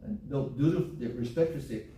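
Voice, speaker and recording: Male preacher, sermon, folksy, repeats himself for emphasis, mellow voice, echoey hall from far off. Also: medium pitch, moderate pace, slight background noise. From Hawaii. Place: church sanctuary.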